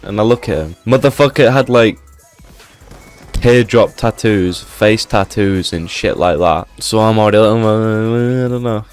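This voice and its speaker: A man tells a story in a loose, rambling way, swearing freely and padding his sentences with filler words. His voice sits fairly low, and soft music plays underneath. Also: normal speed. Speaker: gaming YouTuber. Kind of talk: casual storytelling.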